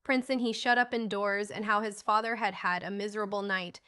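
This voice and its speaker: A woman narrating a classic children's novel as an audiobook, voicing the dialogue lively. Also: medium pitch, fairly quick, clear, resonant tone.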